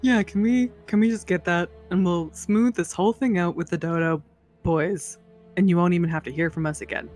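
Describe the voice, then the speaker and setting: A high-voiced man playing a tabletop game who talks politely and tries to calm tensions. Soft music plays behind him. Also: fairly quick. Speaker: player.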